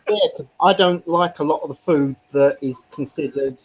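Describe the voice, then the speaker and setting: A man's voice: fairly high pitch, normal speed, dull audio, slight background noise. A man in casual chat, arguing his points bluntly. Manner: argumentative, blunt.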